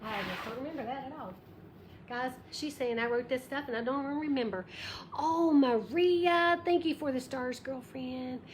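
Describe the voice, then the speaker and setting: A woman's voice: sits high, brisk. A woman hosting a live craft tutorial, chatty and bubbly, greeting viewers by name and counting aloud as she works. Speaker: craft livestream host. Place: her craft shop. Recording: echoey room with background noise.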